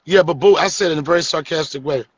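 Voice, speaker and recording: A man's voice: fairly high pitch, racing, slightly rough, no echo, dull audio. A man hosting a live stream, joking and teasing his guests in casual, profane comedic chat.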